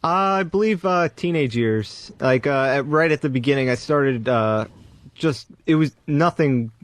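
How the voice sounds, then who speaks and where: A man on a radio talk show, speaking hesitantly and quietly, with halting pauses. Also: medium pitch. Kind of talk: casual chat. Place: radio studio.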